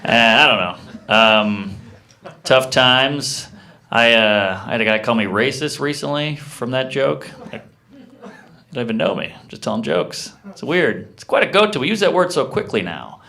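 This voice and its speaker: Gravelly, bright-voiced male stand-up comic. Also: medium pitch. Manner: deadpan one-liners with quick asides to the crowd. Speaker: stand-up comedian. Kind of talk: stand-up comedy set. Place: live comedy club.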